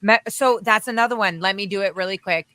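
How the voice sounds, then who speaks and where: A woman hosting a casual livestream chat, talking in an animated, profane way with frequent laughter. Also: mid-range voice, fast talker, no room sound, rough recording. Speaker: livestream host.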